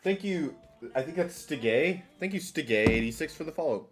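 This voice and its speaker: A man's voice: a little high, animated, normal speed. A man streaming live, chatting casually in a rambling, self-mocking way and often restarting his sentences. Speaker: streamer playing a party game. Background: faint background music.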